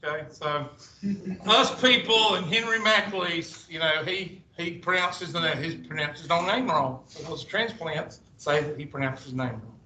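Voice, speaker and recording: A man's voice: a little high, unhurried, bright, forceful tone, a little hiss or hum. A male math teacher, lecturing a class with rambling, sarcastic asides. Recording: echoey classroom from far off.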